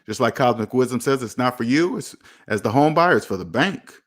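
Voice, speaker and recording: Blunt, animated man talking money. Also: mid-range voice, fairly quick. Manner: blunt, animated, acts out quoted people. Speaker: personal finance streamer. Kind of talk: live-stream chat answering viewer comments.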